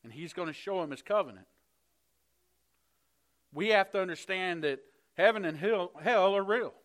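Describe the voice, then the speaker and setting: Man preaching, bright and earnest. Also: sits high, lively intonation, normal speed. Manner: storytelling, earnest, builds from hushed to fired up. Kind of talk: sermon.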